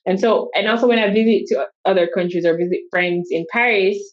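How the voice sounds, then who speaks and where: A woman chats as an interview guest, spinning lively stories and slipping into other people's voices as she quotes them. Her voice sits in a middle register. The recording sounds a little dull and lo-fi. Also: medium pitch, fairly quick. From Jamaica. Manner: animated storyteller who acts out quoted speech. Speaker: guest, solo travel coach. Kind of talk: casual interview chat.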